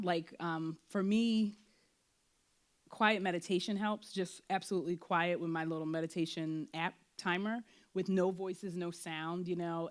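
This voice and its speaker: A playwright-performer with a lowish voice takes part in a candid post-show talkback before a theater audience, speaking animatedly with frequent fillers and voicing her quoted thoughts aloud.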